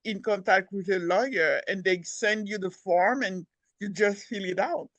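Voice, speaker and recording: A woman's voice: mid-range voice, moderate pace, no room sound. Earnest woman guest, dry sound. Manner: earnest, explains plainly in short phrases. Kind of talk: casual conversational interview.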